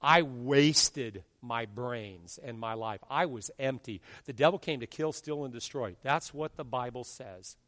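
A man in his fifties, a pastor preaching an animated sermon and acting out quotes from his congregation. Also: medium pitch, a little slow, few pauses, no room sound, clean studio sound, big-room sound. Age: 50s.

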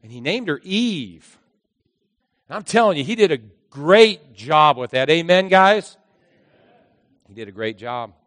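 A man preaching a sermon as a pastor, animated and acting out the characters in his story. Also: on the high side, unhurried, long pauses, dry recording, long reverb tail. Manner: animated, acts out voices of characters.

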